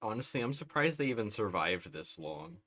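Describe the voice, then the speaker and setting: A man's voice: on the low side, very animated, brisk, sharp tone. A man livestreaming a strategy game, giving casual, bemused running commentary and laughing often.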